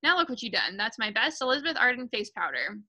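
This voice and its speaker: A woman's voice: fairly high pitch, sing-song, fast, pushed and bright, full character voice, rough recording. A woman reading aloud, voicing a snobbish mother who shrieks and scolds her husband. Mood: shrieking. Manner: shrieking, scornful. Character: shrill scolding mother, snobbish and sharp-tongued.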